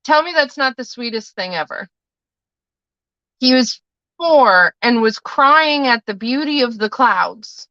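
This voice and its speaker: A woman's voice: on the high side, animated, slow pace, pushed and bright, no echo, lo-fi sound. A woman hosting a casual live stream, rambling through chatty stories and swearing now and then. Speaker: livestream host and tarot reader.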